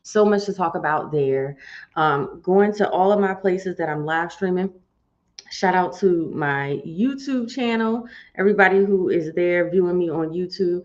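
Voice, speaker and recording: A woman's voice: lowish voice, measured pace, a little mellow. A woman hosting a live-streamed morning show, chatty and folksy, talking straight to her viewers. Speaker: host. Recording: dull lo-fi stream audio.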